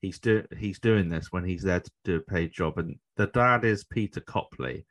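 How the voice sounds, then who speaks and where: A man's voice: low voice, moderate pace, a bit bright, slight background noise. A man co-hosting a podcast, chatting casually, laughing easily and tagging on questions. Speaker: podcast co-host. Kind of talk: casual chat.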